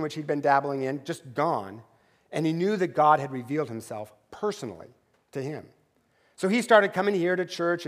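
Man preaching in a reverberant church. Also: a little high. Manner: conversational storytelling with asides like "right?"; drops to a quiet, slow prayer voice. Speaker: pastor. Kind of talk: sermon. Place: church sanctuary.

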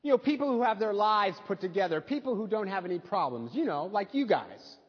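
A man pastor delivering a sermon in a church, telling stories in a relaxed, conversational way with touches of humor. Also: sits high, fairly quick, breathy edge, long reverb tail, lo-fi sound. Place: church sanctuary.

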